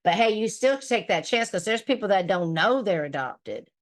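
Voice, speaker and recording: A woman's voice: mid-range voice, lively intonation, normal speed. Blunt, profane woman livestream host. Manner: blunt and profane, laughs often. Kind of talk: casual livestream chat reading viewer comments.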